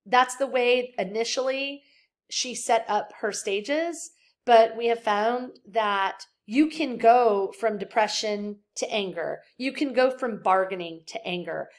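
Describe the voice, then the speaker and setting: A young woman with a slightly high voice talks through a psychology lecture for her class. She keeps it conversational, full of ums and you-knows, and slips into little acted-out quotes to make her examples land. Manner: conversational, acts out example quotes with filler words. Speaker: psychology instructor. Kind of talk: recorded lecture for students.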